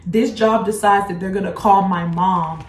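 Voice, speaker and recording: A young woman vlogger telling a blunt, profane storytime in a casual, animated way. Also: mid-range voice, normal speed. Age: young adult. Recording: echoey room, faint music.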